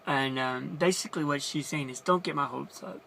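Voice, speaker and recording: A man's voice: on the high side, a little fast, gravelly, pushed and bright, slight background noise. A man casually retelling a Bible story as a teacher, chatty and explaining as he goes.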